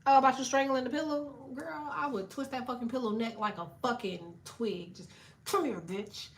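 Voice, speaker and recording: A woman's voice: high voice, brisk. A woman tarot reader chatting on a live stream, cursing freely, laughing often and talking back to viewers in the chat. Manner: profane, animated, laughing, reads chat aloud.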